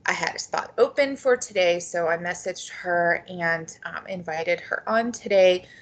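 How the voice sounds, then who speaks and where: A woman's voice: fairly low pitch, measured pace. A woman hosting a book podcast, introducing the show and chatting with a guest in an enthusiastic, chatty way. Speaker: podcast host. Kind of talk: podcast intro and casual interview.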